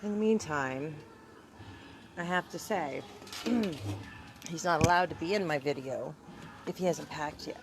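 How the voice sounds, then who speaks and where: A woman's voice: deep voice, a little slow, pauses often. Teasing, foul-mouthed woman hosting a live stream. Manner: blunt, swears freely, teasing. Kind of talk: casual live chat.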